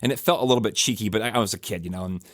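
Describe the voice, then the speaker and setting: Low-voiced man musing casually on a podcast. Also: rapid-fire, no room sound, studio quality. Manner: conversational, rambling with many restarts and fillers. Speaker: podcast host. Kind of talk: casual reflective monologue.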